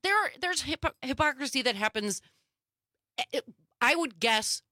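A woman's voice: high voice, expressive, moderate pace, pushed and bright, dry recording, studio quality. A woman panelist on a political talk show, heated and emphatic.

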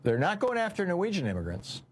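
A man hosting a political talk show, giving unscripted commentary in a halting way, with many fillers and restarts. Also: sits high, wildly swooping pitch, husky. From United States.

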